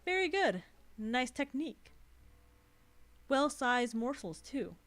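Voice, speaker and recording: A woman's voice: sits high, big pitch swings, slow pace, a bit bright, no room sound, full character voice. A woman reading as a brooding alien noble lady. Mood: approving. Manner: brooding, self-pitying monologue. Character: haughty female alien noble, sinister yet lonely. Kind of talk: reading a visual novel aloud.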